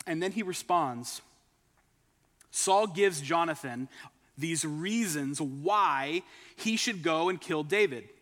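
A man's voice: a little high, lively intonation, takes it slowly, a bit bright. Man preaching in a reverberant hall. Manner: storytelling, retells scripture with emphatic asides. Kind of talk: sermon.

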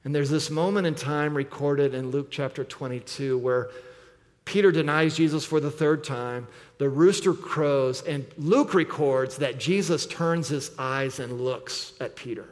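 A man preaching an earnest sermon as pastor, often dropping low and quiet to press a point. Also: unhurried. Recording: long hall reverb.

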